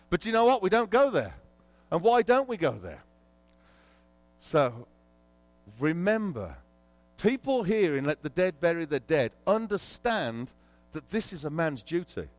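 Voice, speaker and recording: A man preaching a sermon as pastor, telling an animated story and quizzing the congregation. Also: fairly high pitch, dry recording.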